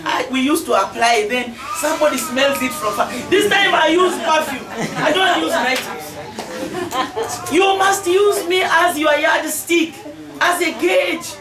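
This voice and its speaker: A woman's voice: sits high, expressive, a little slow, music in the background, a crowd in the background. A Ugandan woman in her forties, a member of parliament, giving an emphatic public speech and often raising her voice with laughter. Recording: echoey, distant mic with noise.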